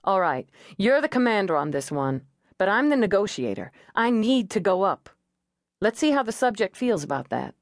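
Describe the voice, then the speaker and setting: A woman reading an audiobook voices a steady female police negotiator, calm and coaxing. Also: medium pitch, normal speed, no echo, clean studio sound. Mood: firm, brisk.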